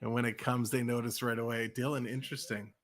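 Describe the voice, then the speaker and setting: A Canadian man with a light Canadian accent streams live hockey, calling the plays and answering his chat in between. His voice sits mid-range in pitch, and his talk turns quicker and more urgent when a rush heads for the net. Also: flat delivery. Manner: chatty, reads chat aloud, quickens on plays. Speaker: play-by-play streamer. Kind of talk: live play-by-play commentary with chat. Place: home, living in the US.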